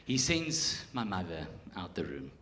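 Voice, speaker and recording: A South African man in his thirties doing a stand-up set on a theatre stage, telling a story with animated swings in volume. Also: sits low, a little slow. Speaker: stand-up comedian. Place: theatre stage, live audience. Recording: live theatre recording with hiss.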